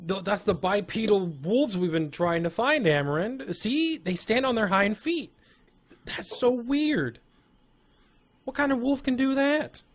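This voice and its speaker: An eager, wide-eyed elf tracker from a tabletop game, as a man puts him on, bursting out in high, exclaiming lines. He sounds keen and amazed. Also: moderate pace, close to an everyday voice. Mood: excited. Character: excitable male elf wolf tracker.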